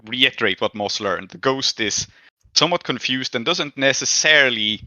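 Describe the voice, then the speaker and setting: A man's voice: medium pitch, animated, moderate pace, pushed and bright, no echo, lo-fi sound. A man narrating as game master of a tabletop role-playing game, casual and laughing, with many fillers.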